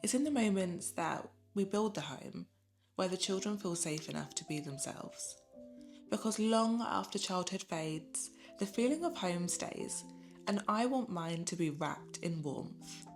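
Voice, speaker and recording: A woman with a slightly low voice narrates a reflective piece about motherhood in a soft, soothing, unhurried manner. Her words are scripted and calmly paced, like a voice-over. Music plays clearly beneath her voice throughout. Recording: voice-over with music playing underneath.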